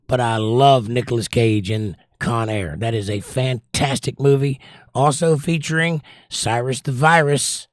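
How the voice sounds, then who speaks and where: A man's voice: medium pitch, steady tone, measured pace, dry recording. Chatty Southern American man, dry sound. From Southern United States. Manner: opinionated, chatty, recommends movies with strong takes. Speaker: livestream host. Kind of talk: casual chat reading out viewer comments.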